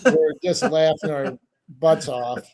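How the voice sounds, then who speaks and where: A man's voice: on the high side, slow, darkish tone. Rambling middle-aged man, podcast co-host. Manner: rambling, hesitant storytelling. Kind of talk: casual podcast chat.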